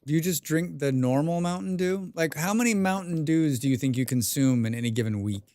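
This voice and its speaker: A man's voice: a little high, expressive, a little fast, darkish tone. A man live-streaming a survival game, reading viewer chat aloud and answering with dry, rambling jokes, humming and mumbling to himself in between.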